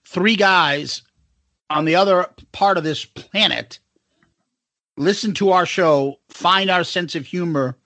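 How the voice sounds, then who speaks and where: A man's voice: sits high, slow, dry recording. A man co-hosting a podcast, joking crudely and swearing in casual banter. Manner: profane, jokey, animated. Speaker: podcast co-host.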